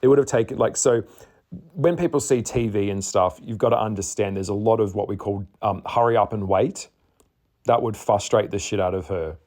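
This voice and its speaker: A man's voice: fairly low pitch, moderate pace, darkish tone. A man giving an astrology chart reading in a candid, chatty way, swearing and laughing often. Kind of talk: casual spoken chart reading.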